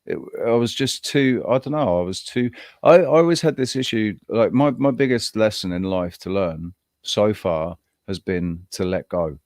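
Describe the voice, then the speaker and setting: Low-voiced man rambling in casual chat. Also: animated, a little mellow, no room sound, studio quality. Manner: rambling, halting, frequent restarts. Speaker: podcast co-host.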